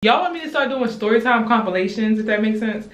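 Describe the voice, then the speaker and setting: A young woman from Baltimore telling a casual storytime at home while doing her hair, chatty and animated, talking straight to her viewers. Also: on the high side, fast. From Baltimore, USA. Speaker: vlogger. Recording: roomy echo.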